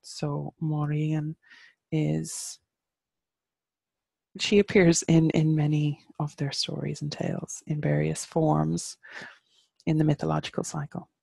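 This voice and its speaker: Gravelly Irish woman teaching pronunciation. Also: deep voice, completely flat delivery, mellow, dry recording. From Ireland. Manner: patient, spells out words and slows down to model pronunciation. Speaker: teacher of Irish pagan studies. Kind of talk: casual online lesson.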